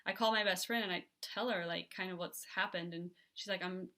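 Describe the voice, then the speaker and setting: A woman speaks in a bright, fairly low voice as she retells a hard relationship story. She talks candidly, hesitates often and restarts her sentences, and fills the gaps with "like" and "um." The delivery is unpolished and personal. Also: steady tone. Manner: candid, halting, many fillers and restarts. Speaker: podcast guest.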